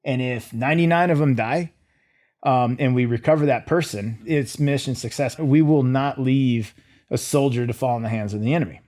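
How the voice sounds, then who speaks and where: Animated man telling a war story. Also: mid-range voice, normal speed. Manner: animated storyteller, acts out his own thoughts in quotes. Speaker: guest, former Green Beret. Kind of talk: storytelling interview.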